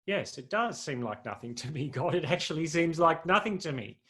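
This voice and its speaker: A man's voice: a little high, sing-song, normal speed, bright, forceful tone. A man preaching a sermon in a conversational, humorous way, often putting questions to his listeners.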